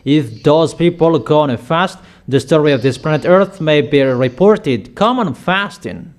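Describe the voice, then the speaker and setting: A man preaching a sermon with slow, emphatic declarations, often repeating his lines for weight. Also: on the high side, a little mellow.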